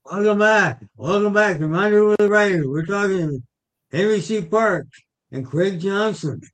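A man's voice: high-pitched, moderate pace. A man hosting a talk show, welcoming listeners back in a casual, upbeat way. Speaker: show host. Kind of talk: casual chat.

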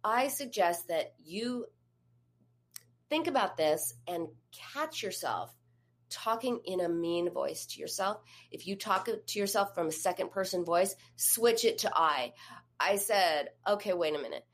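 A woman's voice: medium pitch, expressive, a little slow. A woman therapist and coach giving an advice talk, speaking conversationally and putting questions straight to the listener. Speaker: eating disorder therapist and coach.

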